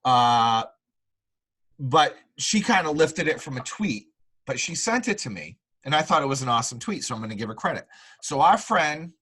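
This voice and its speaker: A husky, fairly high-pitched male voice at a moderate pace belongs to a casual sports podcast host. He rambles through animated stories laden with fillers, and the audio is poor.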